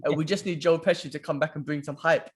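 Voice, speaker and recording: A man's voice: a little high, fairly even intonation, fast. A man, co-hosting a casual podcast chat, laid back and saying "bro" a lot. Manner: laid-back, says "bro" often, enthusiastic about films. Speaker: podcast co-host.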